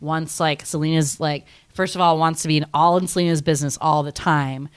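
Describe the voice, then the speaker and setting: A woman's voice: low voice, fairly even intonation, a little fast, smooth. A young woman co-hosting a podcast, chatting through a film in a laid-back, giggly way and often trailing off mid-thought. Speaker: podcast co-host. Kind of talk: casual chat recapping a film.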